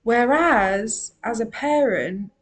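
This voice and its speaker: A woman's voice: on the high side, expressive, slow. A woman and emotional wellbeing coach giving a solo podcast monologue. She talks in an earnest, emphatic way and repeats her key phrases.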